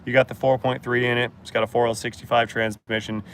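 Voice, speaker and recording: A man's voice: medium pitch, level tone, fast talker, a bit bright, slight background noise. A man hosting a casual live-stream Q&A as a mechanic, blunt and joking as he answers chat.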